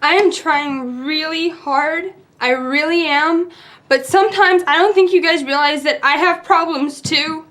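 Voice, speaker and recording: A woman's voice: high-pitched, measured pace, a bit bright. A woman in a film drama, speaking with frustration and complaining.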